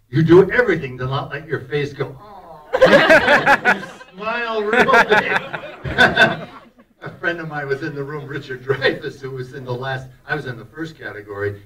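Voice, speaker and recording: An older actor telling anecdotes to a festival audience in an animated, laughing way, often acting out the lines he quotes. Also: on the high side. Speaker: actor telling stories about a film. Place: festival talk in a hall. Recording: voice picked up from a distance.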